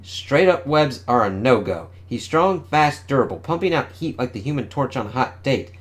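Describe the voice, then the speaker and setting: A man's voice: medium pitch, animated, moderate pace, lightly acted. A man voicing a wisecracking young male superhero in his own plain voice, reading comic panels aloud with a wry, quippy manner.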